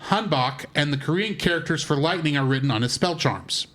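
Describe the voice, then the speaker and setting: High-voiced man reading a plot recap. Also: fairly quick. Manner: steady read-aloud delivery with small slips. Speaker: podcast co-host.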